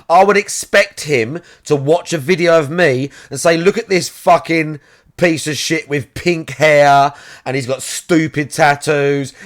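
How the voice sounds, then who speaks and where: An English man streams his reactions in a blunt, swearing style, with slang sprinkled through his talk. He speaks slowly and deliberately, and his pitch swoops up and down. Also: fairly bright tone. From England. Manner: heavy swearing, says bruv, blunt. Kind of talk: casual live-stream commentary.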